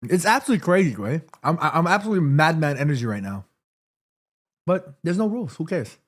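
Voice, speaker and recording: Lively, chatty man hosting a stream. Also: a little high, brisk. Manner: chatty, reads chat messages aloud, eats between lines. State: sore throat. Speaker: livestream host. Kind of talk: casual watchalong chat. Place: home room.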